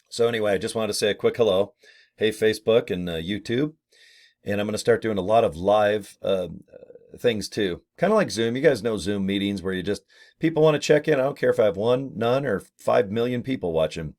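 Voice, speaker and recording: A man's voice: lowish voice, animated, a little fast, darkish tone. A middle-aged man casually vlogging to his webcam, rambling and cracking jokes. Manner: joking, rambling, slips into silly voices for bits. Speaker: network marketing vlogger. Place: home office with ring light.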